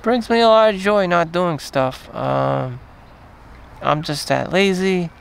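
Gravelly, rambling, profane man. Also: high voice. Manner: rambling, profane, frequent fillers and trailing pauses. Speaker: vlogger. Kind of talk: casual rambling monologue.

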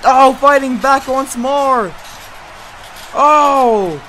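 A commentator calling a hobby wrestling match with excited play-by-play, jumping between hushed remarks and shouted exclamations and throwing in joking asides. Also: high voice, extremely slow, a little hiss or hum, low-quality recording. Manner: jokey, self-correcting asides.

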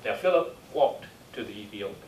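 A man's voice: fairly low pitch, expressive, a little fast, a little mellow, recorded from a distance, highs cut off. Male preacher reading scripture, echoey church, faint hiss in the background. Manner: call-and-response, asks the congregation for amens; reads scripture aloud in King James wording. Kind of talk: sermon with Bible reading.

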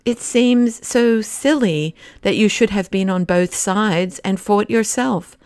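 A woman reading a wry, clear-voiced man in an audiobook. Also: mid-range voice, slow pace, darkish tone, no echo, studio quality, natural voice.

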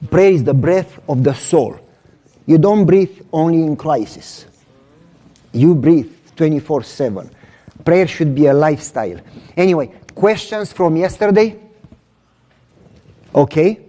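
Mellow-voiced preacher answering questions. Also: male voice, fairly high pitch, animated. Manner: emphatic teaching, repeats key lines slowly. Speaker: pastor. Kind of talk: sermon Q&A with audience.

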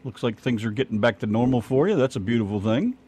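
Lively joking American radio man. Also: medium pitch, fast, husky. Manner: joking, crude, animated. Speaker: radio show co-host. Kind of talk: bawdy casual radio banter.

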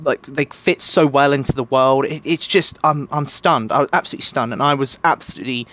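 A man's voice: medium pitch, brisk, a bit bright. A young man chatting as a podcast guest, gushing with enthusiasm and tripping over his restarts. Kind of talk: casual podcast chat.

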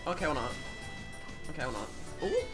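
A young woman in her twenties streaming a game, swinging from low muttered commentary to shrieking apologies. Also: big pitch swings, a little fast, music in the background. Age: 20s. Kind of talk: live gameplay commentary.

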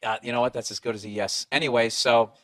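A man's voice: medium pitch, fairly even intonation, quick pace, fairly bright tone, no echo, studio quality. A middle-aged man with a Boston accent, hosting a comedy podcast in a blunt, profane, rambling rant.

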